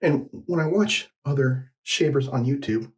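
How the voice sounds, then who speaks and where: A man's voice: medium pitch, animated, a little slow, poor audio. A man talking casually while he shaves on camera, rambling and poking fun at himself, a little out of breath. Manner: rambling, self-deprecating, thinking aloud. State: slightly out of breath. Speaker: shaving vlogger.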